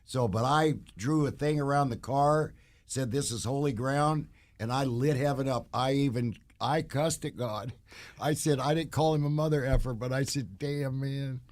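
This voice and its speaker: A man's voice: medium pitch, normal speed. Male podcast guest, earnest and rambling, casual storytelling about faith. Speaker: guest, bounty hunter. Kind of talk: casual interview talk.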